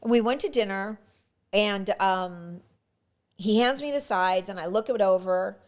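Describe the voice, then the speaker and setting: A middle-aged woman in a relaxed interview, recounting her past with lively energy. She leaps into little acted-out snippets of dialogue and often stumbles and restarts mid-sentence. Her voice sits at an ordinary pitch for a woman. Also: a little slow. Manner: animated, acts out quoted dialogue, frequent restarts. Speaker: guest actress. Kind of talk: casual storytelling interview.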